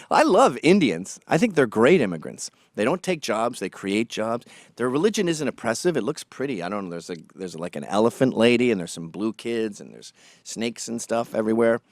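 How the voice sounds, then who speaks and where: A man's voice: medium pitch, big pitch swings, normal speed, no room sound, studio quality. A man delivering a sarcastic, combative opinion monologue as a political commentator.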